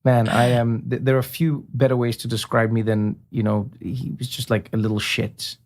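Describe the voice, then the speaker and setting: Animated man telling stories. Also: mid-range voice, moderate pace. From South Africa. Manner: animated, slips into voice impressions. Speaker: interview guest. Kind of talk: conversational storytelling.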